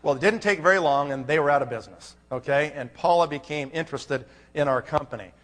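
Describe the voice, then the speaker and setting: A man on stage at a business conference tells a story to the audience, acting out both sides of his phone calls. His voice sits high for a man. The sound rings with the long reverb of a large hall. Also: quick pace, fairly bright tone. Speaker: conference speaker. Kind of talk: motivational conference talk.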